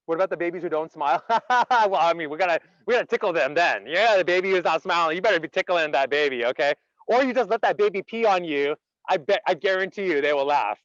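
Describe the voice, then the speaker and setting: A man leading an interactive online laughter workshop, animated and chatty, quizzing his audience and filling his speech with "like". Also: high-pitched, no room sound, lo-fi sound. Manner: animated, chatty, asks audience questions, many "like" fillers.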